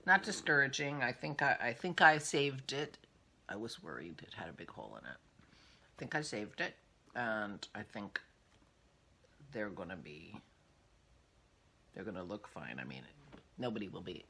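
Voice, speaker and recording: A woman's voice: extremely low pitch, sharp tone, slight background noise. An older woman hosting a casual vlog, chatting in a rambling way as she thinks aloud. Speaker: podcast host.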